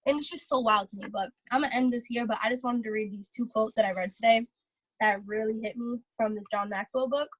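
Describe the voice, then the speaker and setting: A young woman talking casually and excitedly on a motivational vlog, full of fillers. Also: fairly high pitch, fast, dry recording, poor audio. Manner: chatty, filler-heavy, excitable. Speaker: vlogger.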